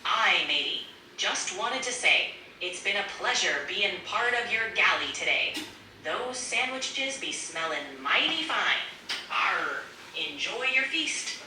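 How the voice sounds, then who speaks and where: A woman's voice: mid-range voice, big pitch swings, slow pace, bright, forceful tone, recorded from a distance, a little hiss or hum, full character voice. A synthetic woman's voice putting on a hammy, upbeat pirate act. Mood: jolly. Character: cheery female AI doing a pirate. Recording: echoey room, voice from across it.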